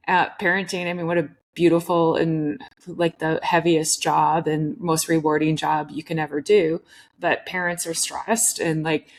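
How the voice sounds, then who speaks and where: A woman hosting a podcast who asks long, rambling questions and searches for words with "like" and "I mean". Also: low voice. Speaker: podcast host. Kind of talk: interview questions.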